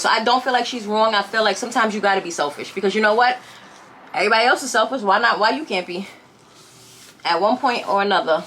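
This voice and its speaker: A woman vlogger talks to her viewers from home in a loose storytime chat. Her voice is bright and pointed. She retells the story with lively gossip and keeps asking her audience rhetorical questions. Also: medium pitch, quick pace. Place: home, by a window.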